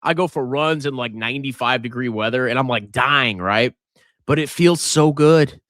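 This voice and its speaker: A man's voice: medium pitch, moderate pace, a bit bright, no echo, clean studio sound. A middle-aged man hosting a casual livestream, joking and sarcastic, with theatrical swings in his voice. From Virginia coast, USA. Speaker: livestream host.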